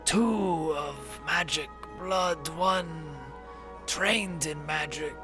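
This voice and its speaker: A man voicing a masked, unsettling elf figure with a raspy, hoarse voice. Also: on the high side, extremely slow, music in the background. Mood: solemn.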